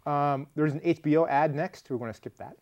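A man's voice: a little high, a little fast, a little mellow. A man co-hosting a casual show, joking and rambling, often trailing off mid-sentence. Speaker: podcast co-host. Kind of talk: casual chat.

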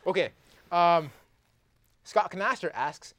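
A man's voice: on the high side, big pitch swings, measured pace, no echo. A young adult man with a Canadian accent, hosting a live comedy talk show and playfully reading viewer tweets aloud. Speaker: host.

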